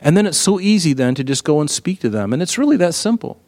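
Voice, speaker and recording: A middle-aged man preaching a sermon in a conversational, animated way, full of rhetorical questions. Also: on the high side, fast talker, big-room sound. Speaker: pastor.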